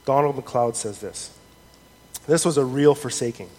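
A man preaching a sermon in an earnest, measured way, reading scripture aloud with rising emphasis. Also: medium pitch, darkish tone. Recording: long hall reverb, faint noise.

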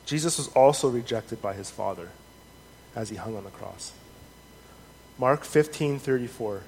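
A man's voice: mid-range voice, expressive, creaky, a little mellow. Man preaching in an echoey hall. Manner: earnest, measured, scripture reading with rising emphasis. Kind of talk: sermon. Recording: long hall reverb, faint noise.

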